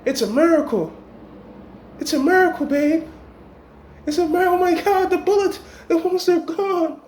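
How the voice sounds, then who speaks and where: A man faking a shrill deceitful woman. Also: normal speed, darkish tone, a little hiss or hum. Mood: fake amazement. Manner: shrill, gushing. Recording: echoey room.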